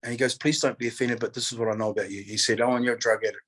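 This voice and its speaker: Guest speaker, male, husky voice, mid pitch, animated storyteller who acts out quoted voices, New Zealand accent. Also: very fast, rough recording. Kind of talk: candid storytelling.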